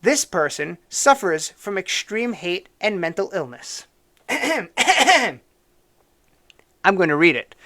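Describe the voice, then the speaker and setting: A man's voice: a little high, vocal fry, fairly bright tone. A man hosting a live-streamed news commentary show, ranting with sarcastic and preachy asides.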